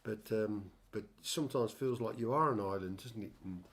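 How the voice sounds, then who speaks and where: A man's voice: on the low side, normal speed, a little hiss or hum. Older man, rambling storyteller. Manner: chatty storyteller, many restarts, wry asides. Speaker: show host and songwriter. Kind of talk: rambling casual chat.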